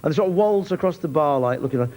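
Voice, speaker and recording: A man's voice: on the high side, expressive, racing, darkish tone. A man doing a stand-up routine, rambling wryly through an anecdote. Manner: rambling, anecdotal, wry storyteller. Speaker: stand-up comedian. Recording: hissy old TV recording.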